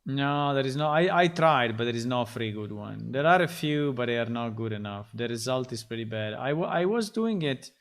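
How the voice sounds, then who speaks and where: A man who is a game developer, chatting casually on a livestream while he codes, halting and repeating himself with many fillers. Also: mid-range voice, expressive.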